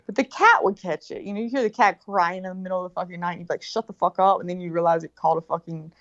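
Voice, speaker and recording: A middle-aged woman telling a story in casual chat, animated and profane, acting out what people said. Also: lowish voice, racing. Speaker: guest. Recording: dull lo-fi sound.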